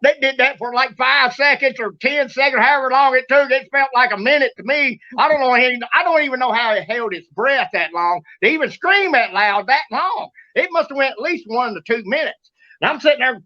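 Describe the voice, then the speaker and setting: High-pitched excitable Kentucky man. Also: a little fast, muffled recording. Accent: Kentucky Southern US. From Kentucky, USA. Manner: excitable, drawling, acts out sounds and shouts. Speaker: show host telling a story. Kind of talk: animated storytelling.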